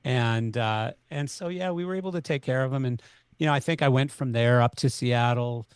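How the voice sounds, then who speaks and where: Canadian man telling an animated story. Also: medium pitch, moderate pace, clean tone, no echo. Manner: animated, acts out both sides of dialogue. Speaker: podcast guest. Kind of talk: conversational storytelling.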